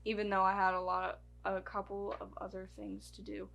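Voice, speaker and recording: A woman co-hosts a relaxed podcast, reading facts off her notes between bits of chat. She stumbles over names and dates and restarts lines often. Her pitch sits in an ordinary middle range. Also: fairly quick, gravelly. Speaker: podcast co-host.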